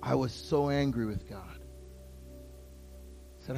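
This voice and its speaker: A man preaching a sermon to his church, his voice moving between hushed, intimate passages and loud, impassioned outbursts. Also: medium pitch, takes it slowly, gravelly, soft background music. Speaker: pastor.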